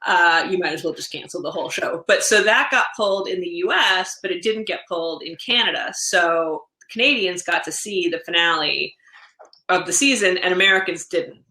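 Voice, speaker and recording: Chatty woman with a bright voice. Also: fairly low pitch, normal speed. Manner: chatty, rambling storyteller. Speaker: podcast co-host. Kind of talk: casual chat about comics and TV. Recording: echoey room.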